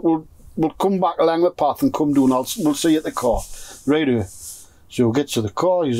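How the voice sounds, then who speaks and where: Sitting among friends in a pigeon loft, a Geordie man from North East England recounts a long tale in a mellow, highish voice with no echo. His casual storytelling is laced with constant swearing and acted-out dialogue from everyone involved.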